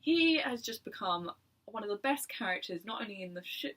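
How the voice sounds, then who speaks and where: A young woman chatting casually about books in her video, enthusiastic and quick to laugh. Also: medium pitch, expressive, a bit bright. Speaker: book vlogger. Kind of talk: casual chat.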